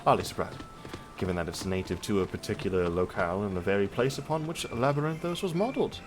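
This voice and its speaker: A man's voice: fast, a little hiss or hum, lightly acted. A man reading game dialogue aloud as an overworked male farm laborer, trying for an Irish or Scottish lilt. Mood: chatty. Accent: attempted Irish or Scottish lilt. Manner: louder, higher and brighter than his own voice.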